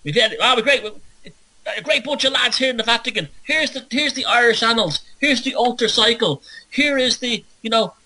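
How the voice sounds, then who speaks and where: A fawning medieval churchman gushes in a squeaky high voice, as a male talk-show host puts him on. The tone is husky under the falsetto. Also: fairly quick, sharp tone, exaggerated voice, poor audio.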